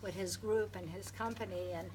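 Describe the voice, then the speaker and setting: A woman's voice: mid-range voice, fairly even intonation, moderate pace, background noise. A woman giving a heartfelt eulogy at a memorial, telling personal stories and laughing through the funny parts. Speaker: eulogy speaker.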